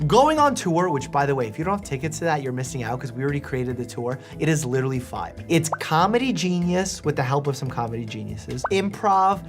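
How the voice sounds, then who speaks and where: A man's voice: fairly high pitch, lively intonation, fairly quick, hardly any pauses, music in the background. A man, a doctor hosting a video, casually reacting to memes, reading them aloud and laughing often.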